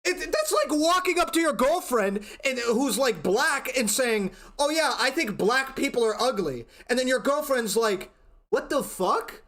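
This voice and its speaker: A man's voice: very high voice, expressive, a little slow, fairly bright tone. A man streaming live, ranting in an exasperated, profane way, often restarting his sentences. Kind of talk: heated livestream rant.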